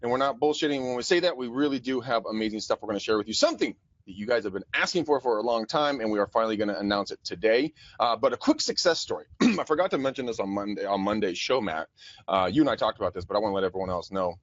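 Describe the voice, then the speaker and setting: Man co-host in his 40s, energetic and profane, dry dull-sounding mic. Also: fairly low pitch, fast, no echo. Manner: energetic, profane, laughs often. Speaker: podcast co-host, real estate agent. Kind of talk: casual chat. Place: office.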